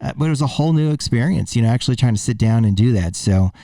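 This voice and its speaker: Relaxed chatty man, dark voice. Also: mid-range voice, rapid-fire, creaky, no echo. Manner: relaxed, chatty, lots of fillers. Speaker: podcast host, surgeon. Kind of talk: casual chat.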